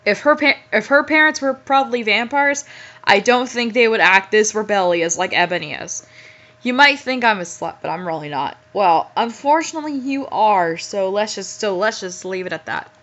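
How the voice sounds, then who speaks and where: A woman's voice: mid-range voice, animated, normal speed, fairly bright tone. A young woman reading a badly written story aloud with incredulous, giggly, exasperated commentary. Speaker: host, fanfiction reader. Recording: muffled lo-fi audio.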